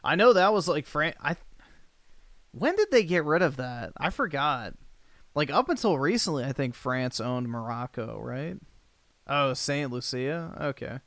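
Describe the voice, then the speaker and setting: A man's voice: a little high, big pitch swings, measured pace, fairly bright tone, no room sound. A man hosting a livestream, chatting casually and reacting to comments in a blunt, crude, offhand way. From United States. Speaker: livestream host.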